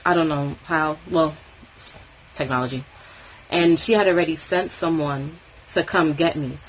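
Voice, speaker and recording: A young woman from Tobago telling a story in casual vlog chat, animated and swearing freely. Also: sits low, measured pace, slight background noise, low-quality recording. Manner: animated, swearing freely, acting out quoted voices.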